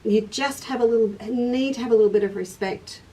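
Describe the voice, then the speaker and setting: A woman's voice: fairly high pitch, fairly quick, mellow. A woman hosting a casual stitching livestream, chatty and laughing as she demonstrates and answers viewers. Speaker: craft shop host. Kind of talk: casual craft livestream chat. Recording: distant mic.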